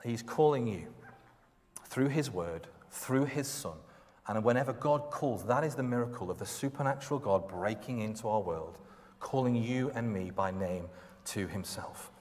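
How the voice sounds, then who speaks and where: A man's voice: medium pitch, expressive, normal speed, darkish tone. Man preaching in a reverberant church. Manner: conversational, emphatic preaching with acted-out quotes. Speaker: pastor. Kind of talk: sermon. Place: church hall. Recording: long hall reverb.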